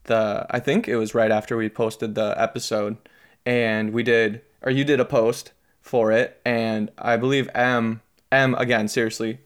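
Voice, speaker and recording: A young man co-hosting a casual podcast. He tells his stories in a relaxed, chuckling way and often restarts his sentences. His voice sits at an ordinary middle pitch. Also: measured pace, smooth. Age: young adult. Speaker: podcast co-host. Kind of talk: casual chat.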